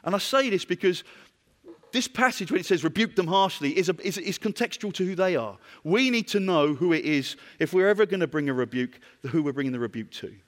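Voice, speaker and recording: A man's voice: sits high, expressive, a little fast, a bit bright, in a large hall. A man from Britain with a British accent, preaching a conversational sermon and putting questions to his congregation.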